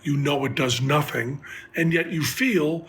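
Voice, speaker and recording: A man's voice: on the high side, a little slow, a bit bright, a little hiss or hum. A man asking the hosts a recorded question in a musing, conversational way. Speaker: guest questioner.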